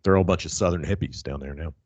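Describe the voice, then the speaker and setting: A man's voice: extremely low pitch, rapid-fire, dry recording, dull audio. A man hosting a casual wrestling podcast, telling stories with a lot of swearing and laughter. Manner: profane, laughing, storytelling. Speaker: podcast host.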